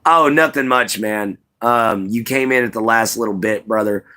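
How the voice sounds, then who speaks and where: A man with a drawl chats loosely to his live stream audience. His voice sits on the lower side, and his talk wanders in an easygoing, rambling way, full of "you know" and "man". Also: normal speed, bright, forceful tone. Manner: laid-back, rambling, says "you know" and "man" a lot. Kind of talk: casual live stream chat.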